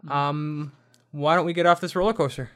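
Bright voiced guy cohosting a chill podcast, goofing around in a radio studio. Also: on the high side, steady tone, moderate pace. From Canada. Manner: joking, plays goofy character voices. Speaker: podcast co-host. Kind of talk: casual chat.

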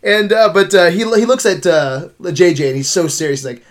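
Man, podcast host, casual movie talk, laid-back, slightly high voice. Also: expressive, moderate pace. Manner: laid-back, swears, laughs often. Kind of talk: casual chat.

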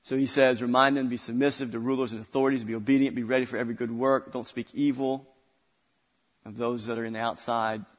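A man's voice: medium pitch, level tone, quick pace, big-room sound. A male pastor preaching a sermon, building intensity through repeated phrases. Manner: preaching with rising intensity and repetition.

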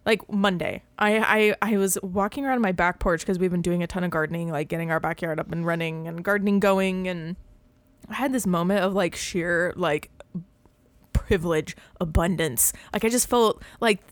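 A woman's voice: fairly low pitch, dry recording. Bubbly rambling woman in her thirties. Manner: bubbly, rambling, full of "like" and quick laughs. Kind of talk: casual chat.

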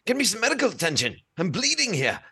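A man's voice: very high voice, animated, normal speed, creaky, pushed and bright, husky, no echo, clean studio sound, pitched above the performer's own voice, heavily acted. A man voicing a panicked, wounded male Imperial officer who stammers his pleas. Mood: urgent.

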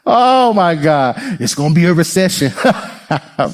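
A man preaching a sermon as pastor, playful and lively, laughing often and talking straight to the congregation. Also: on the high side, unhurried.

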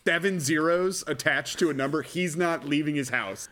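Male podcast co-host, dry sarcasm and mock outrage, slightly high voice. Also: moderate pace, a bit bright. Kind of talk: casual chat.

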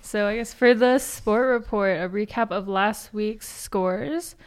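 A woman's voice: medium pitch, clear, resonant tone. A young woman in her twenties hosting morning announcements on college radio and reading a sports recap, with chatty asides. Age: 20s. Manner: reads scores briskly, chatty asides. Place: campus radio studio.

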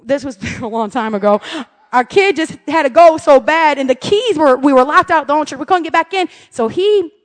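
A high-voiced woman preaches a sermon. She keeps it chatty and funny, acting out scripture voices and her family's quarrels. Her voice rings with the long reverb of a church hall. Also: expressive, fairly quick. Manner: humorous, conversational preaching with laughs and asides. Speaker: pastor.

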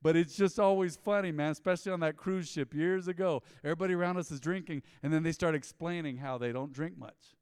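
A man's voice: a little high, quick pace, hardly any pauses, clean tone, dry recording, clean studio sound, in a large hall. A male pastor, preaching a conversational sermon and acting out the people in his stories. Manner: animated storytelling, mimicking people in quoted asides. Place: church.

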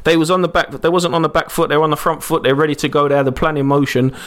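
A man hosting a casual podcast chat, talking quickly and repeating himself as he goes. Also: a little high, level tone, fairly bright tone. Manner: rapid, chatty, repeats himself. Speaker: podcast host.

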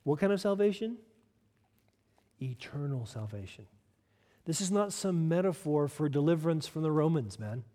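A man's voice: fairly high pitch, lively intonation, normal speed, pauses often, dark tone. A man preaching a sermon as pastor, emphatic and direct, who puts questions to the congregation.

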